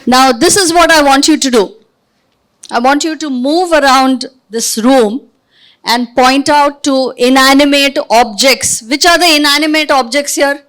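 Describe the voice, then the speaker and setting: A woman running an interactive training session for a live audience, giving directions and quizzing them with quick questions. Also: high voice, a bit bright. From India. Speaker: workshop trainer. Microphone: podium microphone.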